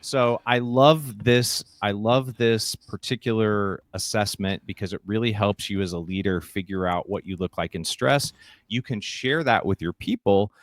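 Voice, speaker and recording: A man's voice: on the low side, moderate pace, no room sound, clean studio sound. A middle-aged man who is a guest on a podcast interview. He tells stories with energy and acts out the voices he quotes. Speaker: guest, keynote speaker and leadership coach.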